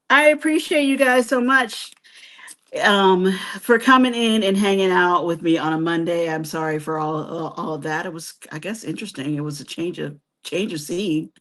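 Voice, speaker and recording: A woman's voice: fairly low pitch, fairly bright tone. A woman hosting a live stream who chats casually with viewers and reads their comments. She is chatty, laughs often and teases herself. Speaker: host of a cruise travel channel.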